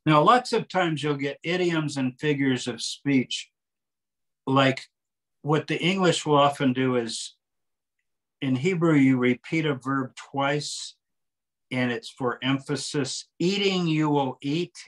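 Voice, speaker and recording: Animated older man explaining scripture. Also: on the high side, takes it slowly. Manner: animated, explains with examples and quoted readings. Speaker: author and translator, interview guest. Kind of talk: conversational interview.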